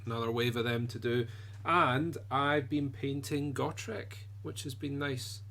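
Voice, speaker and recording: A man's voice: medium pitch, steady tone, unhurried, pushed and bright. A man co-hosting a casual podcast chat, talking in an easygoing, rambling, self-deprecating way. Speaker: podcast co-host.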